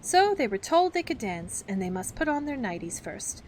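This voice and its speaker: A woman reading a children's classic aloud as a gentle bedtime story, taking on the characters' voices. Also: sing-song, normal speed, a little hiss or hum. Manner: acts the characters with raised pitch for the children's outbursts.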